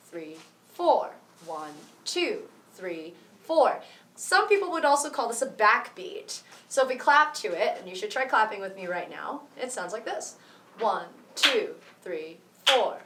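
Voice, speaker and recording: A woman's voice: fairly high pitch, a bit bright. A woman explaining rhythm in a drum lesson at a cultural center, counting beats aloud in a friendly way. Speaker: music teacher. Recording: roomy echo, mic far off.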